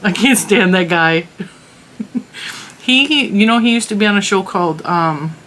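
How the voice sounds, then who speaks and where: A woman's voice: fairly low pitch, fairly bright tone, slight background noise. A woman hosting a vlog, chatting casually and teasingly with her child in a motherly way.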